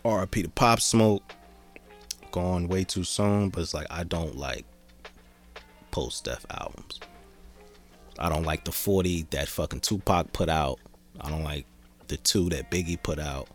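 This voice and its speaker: A man's voice: low voice, a little slow, long pauses, soft background music. A man hosting a podcast, talking in a laid-back, rambling way and swearing freely. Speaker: podcast host. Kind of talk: casual podcast chat.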